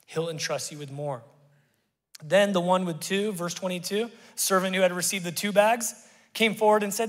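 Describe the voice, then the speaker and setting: A middle-aged man preaching a sermon, his delivery swinging from loud emphatic calls to hushed, confessional asides, picked up by a stage microphone in a church auditorium. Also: high voice, moderate pace. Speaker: pastor. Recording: live church hall reverb.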